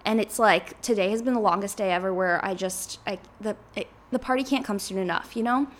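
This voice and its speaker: A woman's voice: medium pitch, a little fast. A woman in her twenties hosting a podcast, chatting casually and rambling with lots of filler words. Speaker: podcast host.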